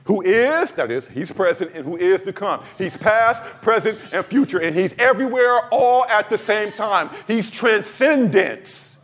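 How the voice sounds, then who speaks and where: A man preaching a sermon to his congregation, swinging from fervent cries to soft, emphatic lines and addressing the church directly. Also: high-pitched, lively intonation, unhurried, hardly any pauses. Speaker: pastor.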